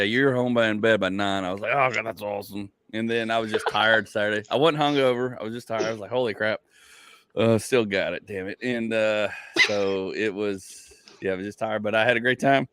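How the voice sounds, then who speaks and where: Chatting casually, this male comedian and podcaster spins a meandering story, cracking himself up while his pitch jumps higher. He talks briskly in a fairly bright, clean tone, recorded dry.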